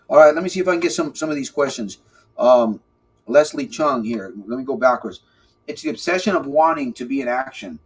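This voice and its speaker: A man hosting a live podcast as a recovery coach, talking casually to his chat in an animated, playful way and repeating phrases for emphasis. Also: medium pitch, slight background noise. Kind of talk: live-stream talk, answering chat.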